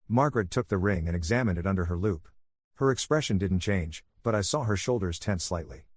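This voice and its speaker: A man calmly narrating a first-person story in a soothing, even voice for listeners to fall asleep to. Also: low voice, brisk, husky, no room sound, clean studio sound.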